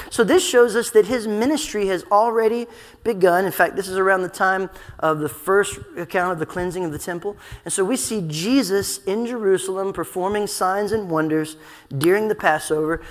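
A man preaching a sermon as pastor, emphatic and slowing down to stress scripture words, with a playful aside to the congregation. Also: high-pitched, a bit bright. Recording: long hall reverb.

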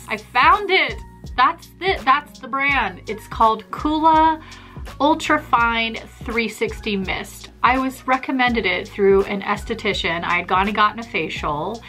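A young adult woman, a makeup artist, chatting casually and fast in her vlog. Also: mid-range voice, bright, forceful tone. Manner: chatty, bubbly, fast-talking.

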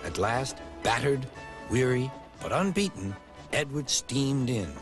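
A man narrating a children's storybook in an expressive way, with music behind. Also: medium pitch, a little slow. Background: background music.

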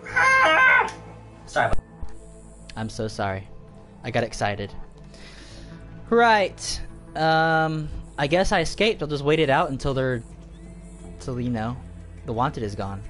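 A gaming host giving excitable let's play commentary, with shrieks and panicked outbursts. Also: medium pitch, a little slow, long pauses, music in the background.

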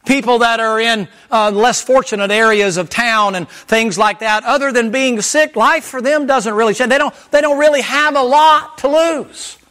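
A middle-aged man preaches from the pulpit in a notably high voice. He builds to loud, soaring emphasis, then drops low and quiet to drive a point home. It is an impassioned, rhythmic sermon delivery. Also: normal speed, hardly any pauses. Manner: impassioned preaching, rising and falling in pitch and volume. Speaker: pastor.

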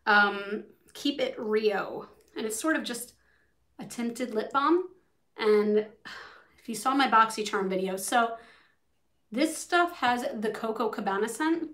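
A woman's voice: a little high, a bit bright, a little hiss or hum. Bubbly, casual woman beauty vlogger. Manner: bubbly, swears casually, talks to viewers and chat. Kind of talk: casual makeup tutorial chat.

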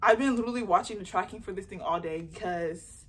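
A young woman chatting casually in an unboxing vlog, excitable and rambling as she talks about her beauty business, recorded on a phone. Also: mid-range voice, fast talker, husky. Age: young adult. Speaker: beauty entrepreneur and vlogger. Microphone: phone camera mic.

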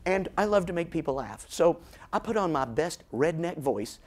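A middle-aged man, working as a motivational speaker, gives an animated storytelling keynote, slowing down for dramatic effect. His voice is a little high.

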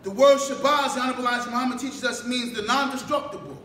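High-voiced New man preaching in an echoey hall. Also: quick pace. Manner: rhetorical questions, calls for responses, builds to shouts. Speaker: mosque minister. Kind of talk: sermon. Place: mosque hall. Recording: echoey room, distant mic, faint background noise.

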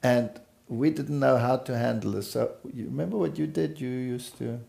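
A man's voice: medium pitch, gravelly, dark tone. A middle-aged man from South Africa, earnestly recounting his family's past in a conversation. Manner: slow, earnest storytelling. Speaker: speaker telling life story. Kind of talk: personal testimony in conversation.

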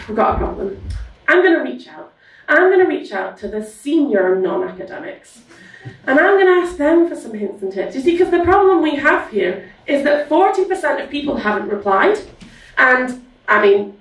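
Sarcastic woman doing stand-up, high and lively. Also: vocal fry. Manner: sarcastic, exasperated storytelling. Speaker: university staff doing stand-up. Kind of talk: stand-up comedy. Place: live comedy venue stage. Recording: echoey room, distant mic, audience noise. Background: audience laughter.

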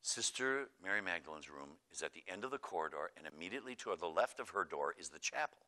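A man's voice: low voice, lively intonation, quick pace, pushed and bright, pitched below the performer's own voice. A man voicing an anxious, fretful cloistered nun who stammers and pleads. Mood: worried. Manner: worried, stammering, plaintive.

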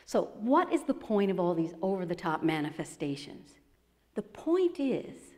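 A woman with a mellow, fairly low voice tells a story to an audience while presenting her book in an expo presentation hall. She's animated and acts out the quoted voices, and the recording carries a long hall reverb.

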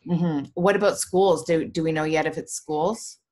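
A young reading tutor with a low, mellow voice and fairly even intonation speaks at normal speed, with slight background noise. Over a video call she leads a casual online class, upbeat, chatty and encouraging.

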